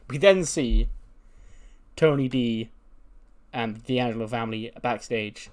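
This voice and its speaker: A man's voice: mid-range voice, slow, pauses often, a little mellow. A man hosting a casual let's play, narrating a wrestling booking game in a rambling, chatty way with self-corrections.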